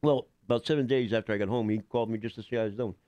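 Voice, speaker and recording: A man's voice: lowish voice, fairly even intonation, racing, dark tone, dry recording, highs cut off. An older man, a guest actor on a radio show, telling rambling stories in casual talk, with many fillers and restarts. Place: radio studio.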